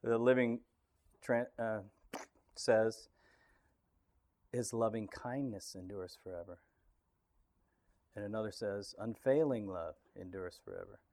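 A man leading a casual group Bible study, relaxed and thinking aloud, often chuckling. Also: lowish voice, unhurried, long pauses.

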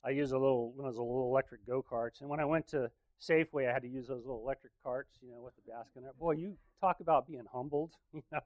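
A man's voice: medium pitch, no echo, muffled recording. A middle-aged man preaching a sermon as a personal testimony, in a conversational, self-deprecating way, laughing now and then at his own stories.

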